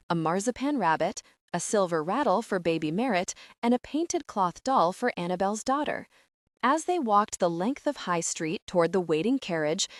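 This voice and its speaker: A woman narrating a historical romance audiobook in an even, measured reading. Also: medium pitch, no echo, clean studio sound. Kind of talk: scripted narration.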